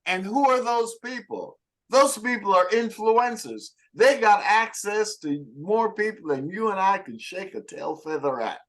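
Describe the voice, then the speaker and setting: A man's voice: sits high, lively intonation, a little slow, fairly bright tone. A middle-aged man coaching a group on network marketing, talking emphatically and calling on listeners by name. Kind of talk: motivational talk to a group.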